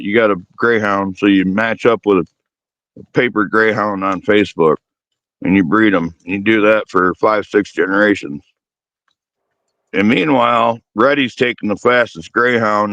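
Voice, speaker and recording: A man's voice: fairly low pitch, a bit bright, no echo, dull audio. A man who breeds working dogs, explaining his views in an easygoing way, with many fillers. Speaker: dog breeder guest. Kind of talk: casual podcast discussion.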